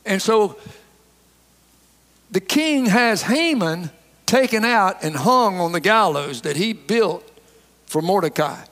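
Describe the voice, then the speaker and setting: Folksy preacher in a reverberant church. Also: male voice, high voice, animated, slow pace, long pauses, a bit bright. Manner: folksy, emphatic storytelling preacher. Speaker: pastor. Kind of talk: sermon. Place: church sanctuary. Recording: long hall reverb.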